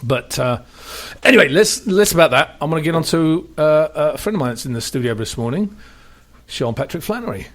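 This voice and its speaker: A man's voice: on the high side, animated, fairly quick, a bit bright. A man hosting a radio talk show in a studio, chatting casually, laughing often and restarting his sentences.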